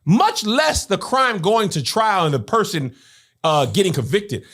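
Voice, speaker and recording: A woman's voice: medium pitch, very animated, a little slow, fairly bright tone. A woman podcast host in casual discussion, arguing her points with rhetorical questions. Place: podcast studio.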